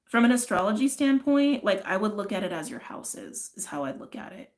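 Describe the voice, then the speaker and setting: A woman's voice: mid-range voice, big pitch swings, a little fast. A woman doing a casual tarot and astrology reading, chatty and rambling, often drifting into tangents and filling her talk with "like" and "right". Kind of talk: casual spiritual reading chat.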